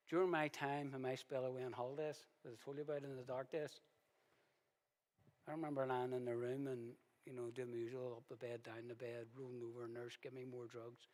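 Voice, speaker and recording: A male pastor preaching a sermon in a conversational way, with sudden loud, emphatic bursts. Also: medium pitch. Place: church hall. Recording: reverberant church hall.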